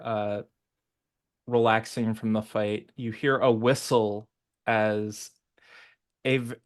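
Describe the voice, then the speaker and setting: A man running a tabletop game as game master, narrating haltingly with many fillers and restarts. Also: medium pitch, clear, resonant tone.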